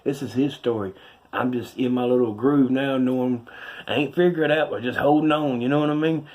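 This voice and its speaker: Southern US man, middle-aged, street preacher; folksy, rambling testimony delivered with emphasis, mid-pitched. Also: fairly even intonation, moderate pace, a little mellow, dull audio. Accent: Southern US, North Carolina.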